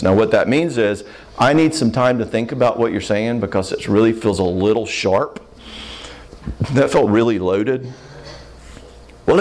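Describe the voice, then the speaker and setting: A man counseling a live audience in a Q&A, plainspoken and animated, acting out short quoted voices. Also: lowish voice. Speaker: counselor answering audience questions.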